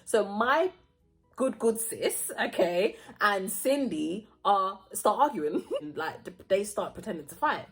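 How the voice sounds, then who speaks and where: Young vlogger, lively storyteller, wide-ranging voice, soft music under. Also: female voice, mid-range voice, takes it slowly. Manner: animated, acts out voices, laughs often. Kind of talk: casual storytime.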